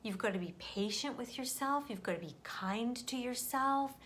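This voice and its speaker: Gentle woman sharing a spiritual message. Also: fairly high pitch, moderate pace, a little hiss or hum. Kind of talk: earnest inspirational vlog talk.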